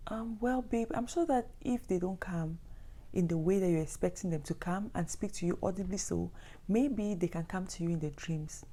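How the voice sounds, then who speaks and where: A woman voicing a gentle young woman comforting her boyfriend, soft and hesitant. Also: on the low side, normal speed, lightly acted. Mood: soothing.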